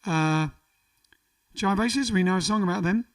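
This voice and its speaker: A man's voice: high-pitched, measured pace, far from the mic. A man hosting a casual livestream, reading out viewer comments in a jokey, rambling way. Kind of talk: casual chat. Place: home during lockdown.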